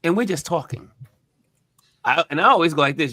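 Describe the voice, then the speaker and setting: A man hosting a casual talk show, telling stories with animated emphasis. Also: on the high side, a little fast, dry recording. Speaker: podcast host. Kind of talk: casual chat.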